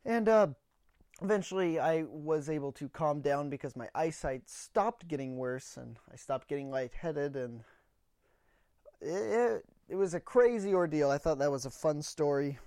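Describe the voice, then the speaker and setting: A man's voice: on the high side, darkish tone, dry recording, clean studio sound. A man hosting a comedy podcast alone, telling a rambling story in a blunt, sarcastic way and a little out of breath. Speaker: podcast host. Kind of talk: solo comedic monologue.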